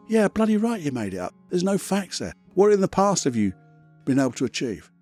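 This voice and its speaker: A man's voice: high voice, sing-song, brisk, a little mellow, faint music behind. A man hosting a self-help podcast, talking in a blunt, chatty, motivational way with the odd mild swear. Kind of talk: casual motivational monologue.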